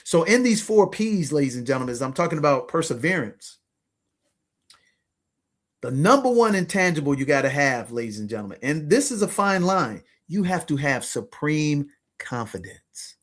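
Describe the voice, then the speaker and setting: A man in his fifties telling a motivational story to his listeners, animated and slangy, often calling out to them as ladies and gentlemen. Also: on the high side, normal speed. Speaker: podcast host and money coach.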